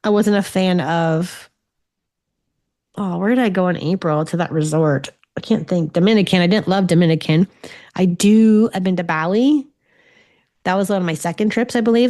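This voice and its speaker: A lowish, slightly mellow voice belongs to a spiritual medium in her forties from Ontario, Canada. She hosts a podcast alone, chatting casually, telling stories and swearing freely.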